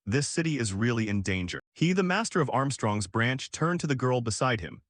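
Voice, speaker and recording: A man's voice: medium pitch, expressive, brisk, no room sound, studio quality. A man narrating a comic story recap in a scripted, storytelling way.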